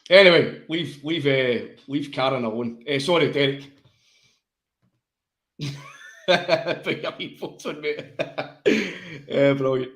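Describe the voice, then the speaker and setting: A man's voice: fairly high pitch, slow pace, pauses often, fairly bright tone. A Scottish man co-hosting a casual football podcast, full of laughter and sweary banter. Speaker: podcast co-host. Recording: echoey room.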